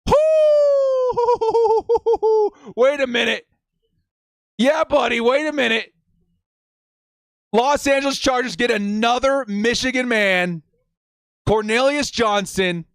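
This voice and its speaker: A man hosting a live stream, reacting with hype, shouting and whooping, and reading out viewer messages. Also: extremely high pitch, a little slow, long pauses, dry recording, clean studio sound.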